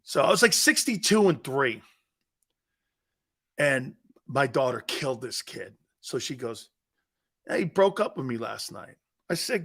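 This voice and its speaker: Middle-aged male talk host, lively pitch, excitable, laughs loudly, acts out quotes. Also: unhurried. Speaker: sports talk show host. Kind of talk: animated storytelling on a sports talk show.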